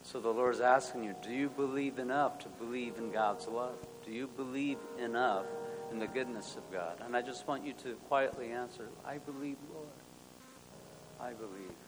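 A male pastor leading an earnest spoken prayer, moving between hushed and loud passages. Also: medium pitch, normal speed. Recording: long hall reverb, soft music.

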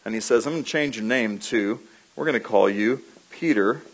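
A man preaching a sermon, telling animated stories, laughing briefly and repeating his key lines. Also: medium pitch, normal speed, slightly rough, poor audio.

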